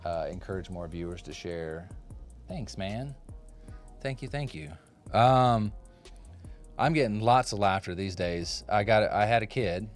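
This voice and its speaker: Joking man in his forties, low voice. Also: expressive, measured pace, long pauses, faint music behind. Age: 40s. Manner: joking, rambling, chats with viewers' comments. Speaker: woodcarving livestreamer. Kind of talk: casual chat while carving on a live stream. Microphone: phone propped up.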